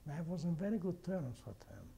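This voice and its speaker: An older man with a heavy foreign accent, not a native English speaker, recalling his life in a halting way, with restarts and repeated words. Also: on the high side, sing-song, vocal fry, dark tone, a little hiss or hum. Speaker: interviewee. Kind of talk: oral history recollection.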